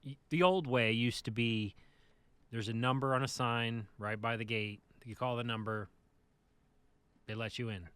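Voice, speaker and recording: Podcast co-host: man with a bright, crisp voice, dry close sound, lively storyteller. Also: mid-range voice, moderate pace, long pauses, no echo. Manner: animated anecdote teller, acts out the people in his stories. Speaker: podcast co-host, bus driver. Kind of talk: casual storytelling chat.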